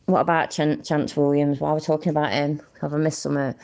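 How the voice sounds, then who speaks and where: A woman's voice: low voice, level tone, quick pace, darkish tone. An English woman rambling casually on a live stream, thinking aloud, humming to herself and swearing freely. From England.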